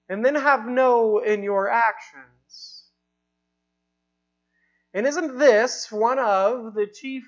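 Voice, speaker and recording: A woman preaching a sermon, stressing points by repeating lines and slowing into prayer. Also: fairly high pitch. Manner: emphatic, repeating lines for effect; ends in prayer with slow, drawn-out phrasing. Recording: dull, lo-fi recording.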